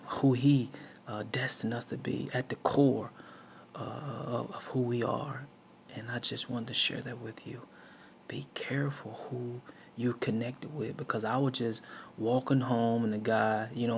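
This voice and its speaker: Gravelly man telling a faith testimony. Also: medium pitch, a little hiss or hum. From southern United States. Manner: storytelling with many restarts and fillers, acts out quotes. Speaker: speaker sharing a life lesson. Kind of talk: personal testimony, preaching tone.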